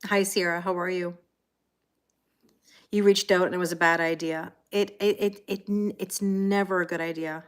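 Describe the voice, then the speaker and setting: A woman's voice: on the low side, steady tone, normal speed, clean tone. Chatty Canadian woman reading tarot live. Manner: chatty, greets viewers by name, reads out comments. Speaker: tarot reader.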